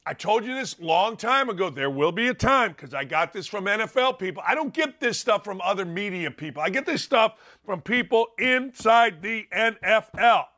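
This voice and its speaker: Sports host man, ranting, high pitched, bright edgy tone, combative. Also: expressive. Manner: emphatic, combative, quick asides. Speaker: sports talk show host. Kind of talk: opinionated sports radio rant.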